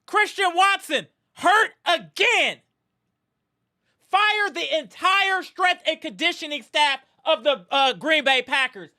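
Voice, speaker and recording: High, lively woman ranting as a host. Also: slow pace. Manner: angry, frustrated ranting with repeated shouts. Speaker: sports reaction host. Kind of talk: live fan reaction rant.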